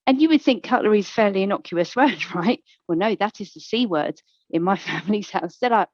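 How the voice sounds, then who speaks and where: A woman's voice: mid-range voice, expressive, fairly quick, a little mellow, no echo. A woman from England speaking at a conference panel, telling a candid personal story with a playful touch. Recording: dull, dry lo-fi recording.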